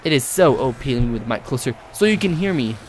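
A young man giving live gameplay commentary, excitable and rambling, swearing and yelping often. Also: mid-range voice, fast.

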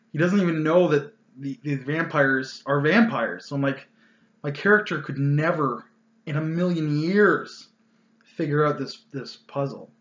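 A man rants about a past tabletop game in a casual, exasperated way, his voice bright and fairly high. He is recorded in a roomy, echoey space. The sound is a little dull and lo-fi. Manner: ranting, exasperated, loose with fillers. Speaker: channel host telling a gaming story. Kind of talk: casual storytelling vlog.

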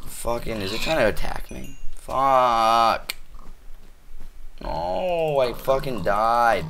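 A man playing a video game on his own channel, swearing constantly and trash-talking the animals in it, switching between shouting and muttering. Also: mid-range voice, slow, gravelly, a little hiss or hum. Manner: flips between angry yelling and muttering. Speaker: gamer. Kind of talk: cursing let's play commentary.

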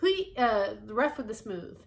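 A woman reading aloud, voicing a brisk, bossy old lady who talks in firm, emphatic proverbs. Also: on the high side, sing-song.

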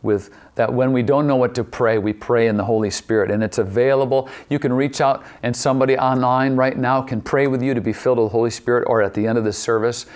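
A man preaching a sermon as pastor, repeating key phrases and asking the same question again and again, slowing down to stretch out certain words. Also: mid-range voice, a little mellow. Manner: poses repeated rhetorical questions; shifts pace, drawing some words out.

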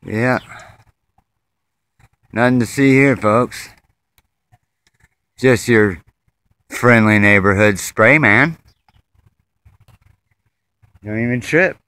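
Speaking very slowly with frequent pauses, this man has a medium-pitched, bright, forceful voice that is clear and resonant, though the recording is dry and rough. Filming on his phone during a nighttime dog walk outside, he offers sarcastic, rambling commentary and curses liberally while ranting.

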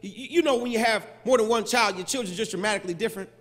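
A male pastor preaching a sermon, building into shouted, sing-song cadences with touches of humor. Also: high-pitched, rapid-fire. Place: large church sanctuary. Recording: long church reverb.

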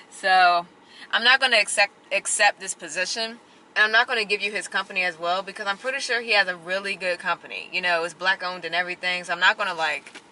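Very bright-voiced young woman vlogging. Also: on the low side, a little hiss or hum, low-quality recording. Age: young adult. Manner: chatty and expressive, addresses viewers as y'all. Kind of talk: casual vlog talk to camera. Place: inside a car. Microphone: handheld camera.

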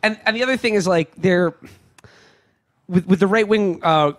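A man co-hosting a podcast in casual chat, halting and restarting his sentences often. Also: high-pitched. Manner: halting, with frequent restarts and stammered repeats. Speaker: podcast co-host.

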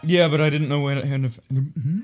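A man's voice: fairly high pitch, steady tone, fast, darkish tone, soft background music. A man in his twenties co-hosting a casual let's-play, teasing and blunt with his friend. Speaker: co-host of a gaming channel.

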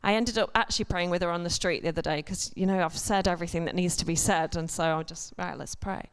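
The woman's voice is fairly low, smooth and steady, and she speaks fast. Addressing a church congregation, she gives a casual sermon that's full of humorous asides and jokes at her own expense.

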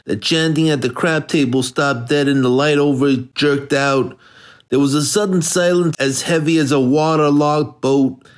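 A man giving steady, measured scripted narration of a hardboiled crime novel. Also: on the high side. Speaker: audiobook narrator.

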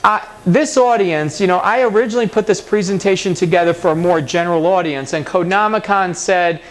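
Here a conference speaker tells an anecdote in a conference hall, his voice pitched high and his pace brisk. Lively in his storytelling, he imitates the other people's voices as the tale unfolds.

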